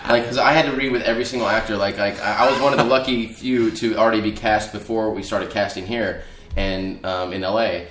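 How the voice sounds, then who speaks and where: A low-voiced man rambles through casual stories, swearing and laughing often. The room has a noticeable echo around him. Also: steady tone, a little fast, fairly bright tone, slight background noise. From Bakersfield, California. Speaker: actor and podcast guest. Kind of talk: casual chat. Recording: echoey room.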